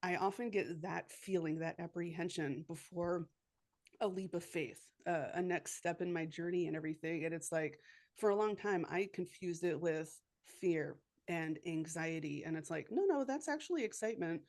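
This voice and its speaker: Brief: woman podcast host, slightly low voice, relaxed and reflective. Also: normal speed. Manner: reflective, easygoing, laughs readily. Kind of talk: casual podcast conversation.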